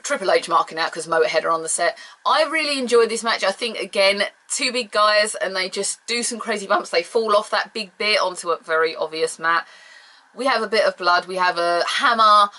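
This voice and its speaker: A woman's voice: medium pitch, brisk, pushed and bright. A woman reviewing an old wrestling event in a casual, rambling way, gushing as a fan and apologizing for her tangents.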